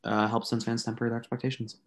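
A man co-hosting a casual podcast, joking and teasing, sometimes dropping into a hushed mock-sensual voice. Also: mid-range voice, level tone, fast talker, slight background noise. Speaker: podcast co-host.

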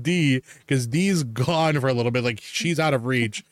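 A man's voice: mid-range voice, moderate pace, no echo. A man hosting a podcast, telling stories in a rambling, profane way and laughing often. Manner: rambling storyteller, swears freely and laughs a lot. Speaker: podcast host. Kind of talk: casual chat.

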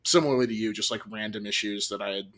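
A man's voice: on the low side, fast talker. Rambling man in casual podcast chat. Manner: animated, rambling, swears casually. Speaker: podcast co-host.

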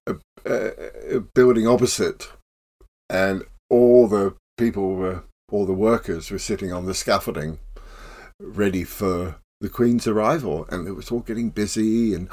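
An older man, a professional clown telling stories in a relaxed interview. He laughs often and acts out the voices in his tales. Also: lowish voice. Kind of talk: casual storytelling interview.

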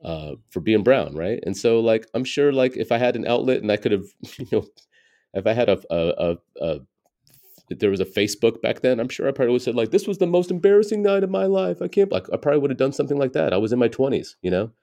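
This guest is a stand-up comedian, an American man in his forties, speaking fast in a lowish, dark-toned voice. He shares frank, thoughtful stories in a relaxed interview, sprinkling "you know" throughout.

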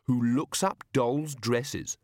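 A man's voice: medium pitch, takes it slowly, darkish tone, no room sound, clean studio sound, pitched above the performer's own voice, lightly acted. A man voicing a composed young woman governess who needles her opponent in a cool tone. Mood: needling.

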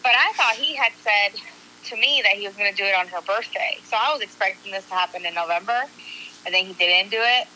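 A woman's voice: mid-range voice, brisk, slight background noise, rough recording. A woman telling a story to a group of friends in a casual way, acting out what people said and swearing casually. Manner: animated, acts out quotes, swears casually.

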